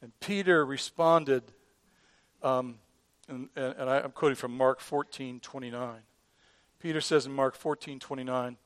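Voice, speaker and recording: A man preaching a sermon in an earnest way, who often repeats and restarts words and drops from loud emphasis to a hush. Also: mid-range voice, moderate pace, smooth, no echo. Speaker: pastor.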